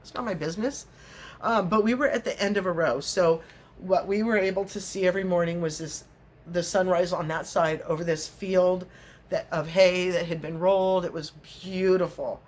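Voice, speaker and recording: A woman's voice: fairly low pitch, moderate pace, darkish tone. Middle-aged woman, casual rambling vlogger, frequent laughs. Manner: chatty, laughs often, acts out little scenes. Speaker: crochet vlogger.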